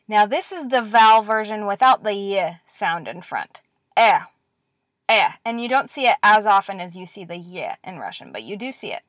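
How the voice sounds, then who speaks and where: A woman teaching a lecture-style language lesson, repeating words slowly and clearly with patient encouragement. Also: on the high side, no echo, studio quality.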